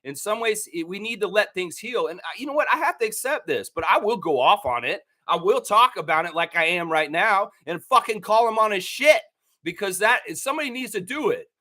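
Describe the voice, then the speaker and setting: A man's voice: high voice, lively intonation, a little fast, sharp tone. A man from Canada hosting a basketball fan show, ranting angrily with plenty of swearing. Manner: angry, profane, heated ranting. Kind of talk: ranting commentary.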